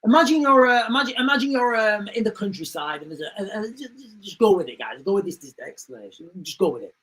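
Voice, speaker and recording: Quick-paced and animated, a man with a high, slightly bright voice hosts a casual commentary livestream on a low-quality recording. His delivery is emphatic and repetitive, and he acts out stories with sound effects.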